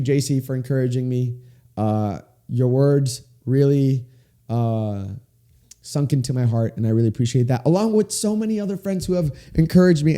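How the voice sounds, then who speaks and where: A man in his twenties hosting a faith-based solo podcast, talking with big swings up and down in pitch, in a small room with sound panels. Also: warm tone. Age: 20s. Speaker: podcast host.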